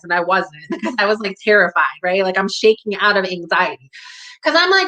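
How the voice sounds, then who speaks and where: A woman's voice: mid-range voice, animated, moderate pace, bright, forceful tone, low-quality recording. A woman telling a personal story in a casual, profane way, full of "like". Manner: casual and profane, heavy use of "like".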